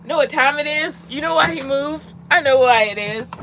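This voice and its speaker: A woman's voice: high-pitched, measured pace, a bit bright, slight background noise, low-quality recording. A woman chatting casually on a livestream, giggly and talking to her cat, from inside her van. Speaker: vlogger hosting a livestream.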